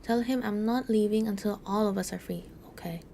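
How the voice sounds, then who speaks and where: A woman's voice: mid-range voice, fairly quick, creaky, mellow, slight background noise, lightly acted. A woman voicing a resolute young crew member, reading game dialogue in an earnest tone. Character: young crew member staying loyal to workers.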